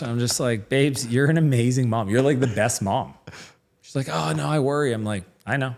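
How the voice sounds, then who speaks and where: A man's voice: mid-range voice, moderate pace, gravelly, darkish tone. Chatty middle-aged man telling stories. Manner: chatty storytelling, many fillers, acts out quoted dialogue. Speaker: interview guest, entrepreneur. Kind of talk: casual interview conversation.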